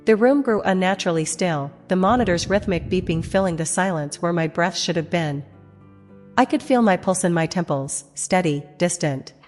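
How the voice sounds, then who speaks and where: A woman narrating a first-person dramatic story in a measured voice with heavy pauses. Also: fairly low pitch. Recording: long reverb, music behind.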